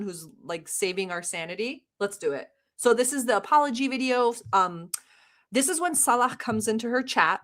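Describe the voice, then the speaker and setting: Brash sarcastic woman streamer. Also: medium pitch. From Middle East. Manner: brash, sarcastic, mock-yelling at chat. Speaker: livestream host. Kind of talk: casual livestream commentary.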